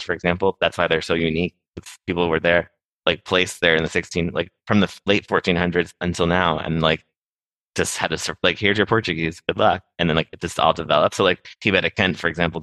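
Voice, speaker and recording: A young man from Massachusetts, talking as a podcast guest in a rambling, casual way, full of "like" and quick laughs. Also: low-pitched, pushed and bright, dry recording. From Massachusetts, USA. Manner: rapid, rambling, heavy use of "like", quick laughs. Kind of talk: casual conversation.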